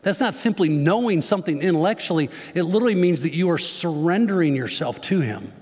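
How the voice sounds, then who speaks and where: A man's voice: on the high side, expressive, fairly quick, a little mellow, breathy edge. A man preaching a sermon to his congregation, speaking conversationally and tossing questions to the crowd. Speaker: pastor. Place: church sanctuary. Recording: long church reverb.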